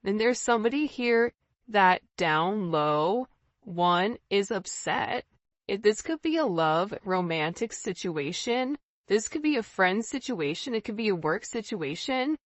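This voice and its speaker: Woman tarot reader, chatty and intuitive, middle pitch, slightly muffled recording. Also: animated, a little slow, dry recording. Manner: intuitive, repetitive, casual phrasing. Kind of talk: tarot reading monologue.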